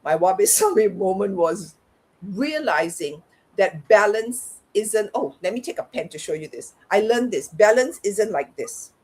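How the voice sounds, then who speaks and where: A middle-aged woman with a slightly husky, breathy voice speaks as a guest coach. She talks in a candid, reflective way, often voicing her own inner self-talk aloud. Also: mid-range voice, expressive, measured pace, darkish tone. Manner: reflective, talks herself through things aloud. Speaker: guest, parenting and life coach. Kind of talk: candid conversational interview.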